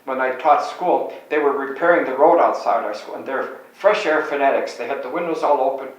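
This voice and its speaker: An older priest from Chicago tells his memories as meandering anecdotes, stopping often to correct himself. His voice sits at a middle pitch for a man. He sounds far from the microphone in a strongly echoing room. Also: fairly quick. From Chicago, USA. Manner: meandering, self-correcting storyteller. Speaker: Catholic priest. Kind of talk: reminiscing anecdotes. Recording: very echoey room, distant mic.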